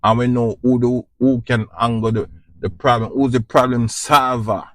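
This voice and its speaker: The man's mid-range voice is level and fairly bright, moving at normal speed. Hosting a podcast in a Jamaican accent, he gives a preachy, repetitive, informal spiritual talk and keeps asking whether you understand.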